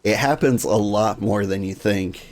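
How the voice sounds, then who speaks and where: A man streaming a video game, chatting casually in a relaxed, rambling way. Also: fairly low pitch, a little slow.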